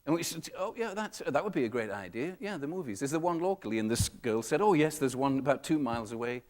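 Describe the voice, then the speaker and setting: A man giving a comedic storytelling talk to a live audience, acting out the people in his stories with big jumps in his voice. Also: quick pace. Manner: animated, acts out customers and staff with big pitch jumps. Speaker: keynote speaker. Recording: reverberant hall.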